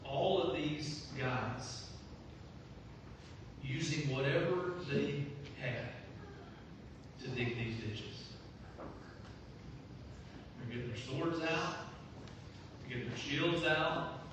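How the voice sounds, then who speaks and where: Male pastor, high voice, lively storytelling sermon; distant mic in a reverberant church hall with background noise. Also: slow pace, pauses often. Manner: lively storytelling with repeated phrases. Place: church sanctuary. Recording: echoey hall from far off, noisy.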